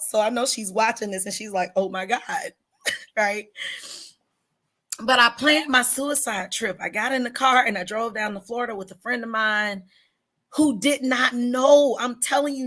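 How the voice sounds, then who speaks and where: Earnest bright-voiced woman telling her story. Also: a little high. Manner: earnest and emphatic, drawn-out words for stress; candid about hard personal struggles. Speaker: singer-songwriter guest. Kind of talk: personal storytelling in an interview.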